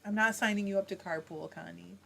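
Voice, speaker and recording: A woman's voice: mid-range voice, a little fast, vocal fry, sharp tone, slightly rough. Chatty woman hosting a live chat. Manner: chatty, reads viewer comments aloud and answers them. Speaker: livestream host reading chat. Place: home, fiber arts livestream.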